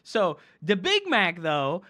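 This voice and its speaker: A man's voice: high-pitched, wildly swooping pitch, slow pace, bright, forceful tone. A male game streamer telling a story in a heated, profane rant, full of "like" and "right?". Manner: fillers like "like" and "right?". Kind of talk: ranting storytime chat.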